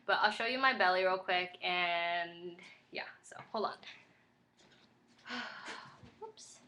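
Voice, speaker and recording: A woman's voice: lowish voice, takes it slowly, bright, forceful tone, slight background noise. A woman vlogging a casual pregnancy update, rambling and chatty with lots of fillers, tired and a bit flustered.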